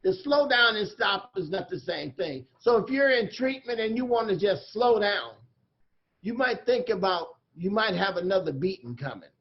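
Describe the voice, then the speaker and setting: A man's voice: high voice, lively intonation, normal speed, muffled recording. A man giving a guest talk at a recovery meeting, telling jokes and stories in a folksy, earnest way over a video call. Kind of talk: storytelling talk.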